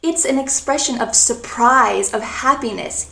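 Woman, English teacher, slow deliberate delivery, expressive examples, roomy echo. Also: sits high. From North America. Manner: slow, clear and expressive, acting out example lines with gasps. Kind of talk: spoken English lesson.

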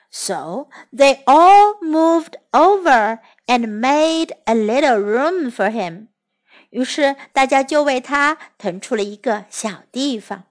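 A woman reading a children's story aloud in an expressive, clear and slow way. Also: high voice.

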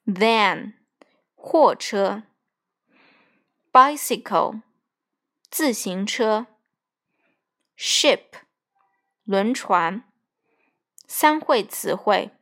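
Slow, precise woman. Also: medium pitch, animated. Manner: deliberate, word-by-word drilling with translations. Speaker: English teacher. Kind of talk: bilingual textbook vocabulary reading.

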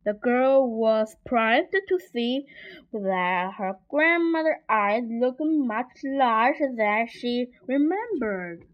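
Slow, deliberate woman reading a story. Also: on the high side, expressive. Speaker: story reader. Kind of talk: reading a children's story aloud. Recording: dull lo-fi recording.

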